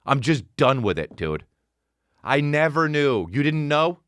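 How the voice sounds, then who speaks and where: A man in his thirties hosts a podcast with a sarcastic, swearing comic rant, mimicking people as he goes. His voice sits high and swings widely in pitch. The recording is dry and close, with no room sound. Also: sing-song, unhurried, fairly bright tone, clear, resonant tone, no echo. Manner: sarcastic, swearing, mocking impressions. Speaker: podcast host. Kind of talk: comedic rant.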